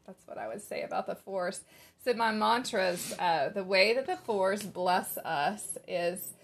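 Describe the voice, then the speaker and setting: A woman co-hosting a podcast, talking in a gentle, reflective way with plenty of fillers. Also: medium pitch, lively intonation, measured pace, vocal fry, slight background noise. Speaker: podcast co-host. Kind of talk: casual chat.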